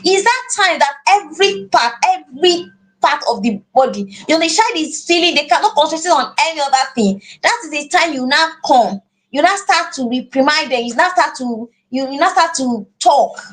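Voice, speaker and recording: A woman's voice: high voice, lively intonation, moderate pace. A woman with a Nigerian accent teaching an online class for parents, earnest and often repeating words as she goes. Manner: earnest, repeats words while finding phrasing.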